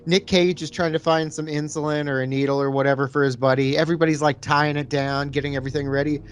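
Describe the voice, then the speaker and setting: A man's voice: fairly high pitch, flat delivery, fast, clean tone. A man co-hosting a podcast, describing a beer in a laid-back, rambling way. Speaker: podcast co-host reviewing beer. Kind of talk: casual chat.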